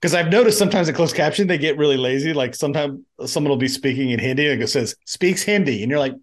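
A man's voice: on the high side, quick pace, few pauses. Argumentative man on a movie podcast. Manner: argumentative, animated storytelling, quotes lines in funny voices. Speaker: podcast co-host. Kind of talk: casual movie podcast chat.

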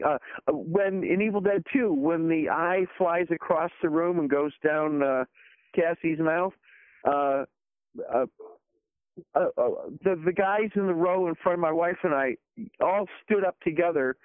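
A man's voice: on the high side, no echo. A man, a guest, telling stories in casual chat, heard over a phone line. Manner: rambling, animated storyteller.

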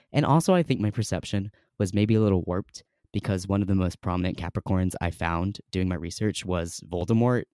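A man's voice: deep voice, a little fast, few pauses, darkish tone, clear, resonant tone, no room sound, clean studio sound. A young man hosting a podcast in a casual, rambling way, full of "um" and "like". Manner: chatty, rambling, many fillers. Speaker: podcast host.

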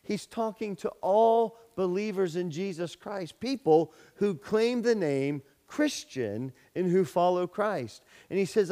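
Pastor preaching in a reverberant hall. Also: male voice, high voice, animated, slow pace, hardly any pauses. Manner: storytelling, repeats words, grows loud for dialogue. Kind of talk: sermon.

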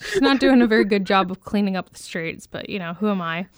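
A woman's voice: mid-range voice, expressive, quick pace, dry recording, studio quality. A woman with a Canadian East Coast accent, co-hosting a casual podcast chat in a rambling, self-teasing way. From Eastern Canada. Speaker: podcast co-host.

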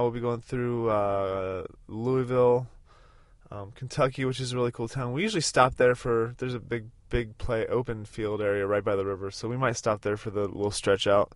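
With a mid-range voice and no room sound, a podcast host in his thirties chats casually on a road trip. He rambles, filling the talk with fillers and restarts.

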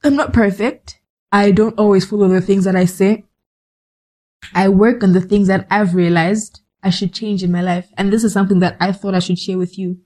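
A woman hosting a podcast speaks briskly in a flat, dark-toned, mid-range voice, giving a direct motivational monologue with scolding asides. She is cold and shivering, and the recording is rough.

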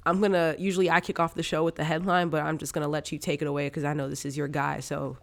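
Man, stuffed-up nose, gravelly fry, relaxed sports podcast host, rambling fillers. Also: a little high, quick pace. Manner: loose, chatty, lots of fillers. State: congested. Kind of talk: casual sports podcast chat.

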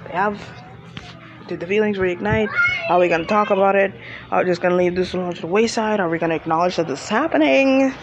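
A woman chatting casually through a TV episode recap, animated and gushing, laughing often. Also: fairly low pitch. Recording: muffled with loud vehicle noise.

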